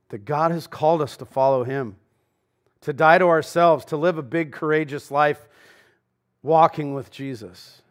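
Guy preaching a sunday sermon, kinda high voice, super casual and chatty like he's just talking to you. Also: fairly bright tone. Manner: casual, conversational preaching with slang asides. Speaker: pastor. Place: church.

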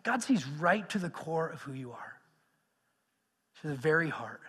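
A man with a high voice preaching to a congregation. He keeps it animated, rising to loud emphasis and then dropping to hushed tones. A long reverb trails his words through the hall. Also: measured pace, breathy edge. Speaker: pastor. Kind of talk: sermon.

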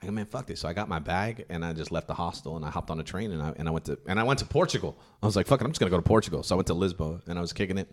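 A man with a fairly low voice spins a rambling road-trip story in loose podcast chat. He swears freely, acts out his own lines, and breaks into laughter as he goes. He grew up in South Sacramento. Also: very fast, few pauses. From South Sacramento, California. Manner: profane, laughs often, quotes himself. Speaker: podcast guest telling a story.

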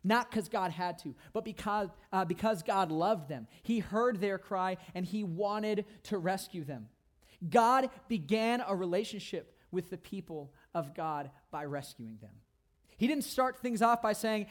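A man preaching a sermon as a pastor, emphatic, repeating phrases for stress and swinging between loud declarations and hushed asides. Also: high-pitched, lively intonation, unhurried.

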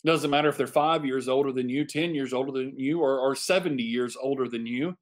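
A man's voice: medium pitch, brisk. A man preaching a Bible study sermon to a congregation, emphatic and given to repeating phrases for effect.

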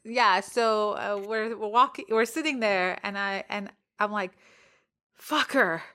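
A woman co-hosting a podcast tells a story in casual chat, animated and laughing often as she acts out what people said. Her mid-range voice moves a little slowly.

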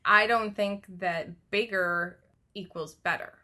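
A woman's voice: medium pitch, slow, pushed and bright. A woman co-hosting a casual podcast chat who teases boldly and laughs often. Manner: laughing, teasing, bold. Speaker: podcast co-host.

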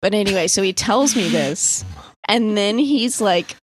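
A woman's voice: mid-range voice, animated, measured pace, breathy edge, no echo. A young woman from the US East Coast casually telling friends a story, chatty, full of "like," swearing and laughing as she goes. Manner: chatty, lots of "like", swears, laughs mid-sentence.

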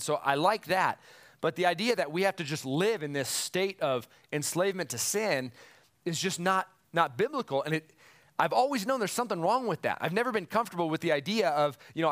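A man's voice: a little high, fairly bright tone. A male pastor preaching a sermon in an earnest, emphatic and self-deprecating way.

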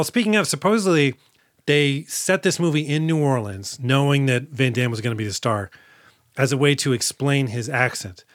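A man co-hosting a podcast, recapping an action movie in casual chat and slipping into quick mock voices. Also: medium pitch, no room sound, clean studio sound. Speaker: podcast co-host.

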